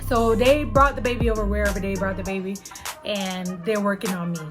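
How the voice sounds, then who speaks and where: A young adult woman vlogger telling a personal story to her viewers in an animated, chatty way. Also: medium pitch, fairly quick, music in the background. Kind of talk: casual storytelling to camera.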